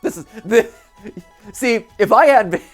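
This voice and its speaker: Excitable woman playing a video game. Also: on the high side, a little slow, soft background music. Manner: excitable, laughing, lots of restarts. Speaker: gaming show host. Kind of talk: let's play commentary.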